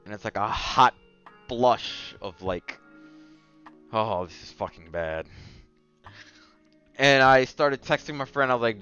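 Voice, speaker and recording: A young man casually telling a dating story as a podcast host, moving between mumbled asides and loud outbursts. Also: medium pitch, slow pace, pauses often, smooth, muffled recording, faint music behind. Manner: animated, swings from mumbling asides to yelling bursts.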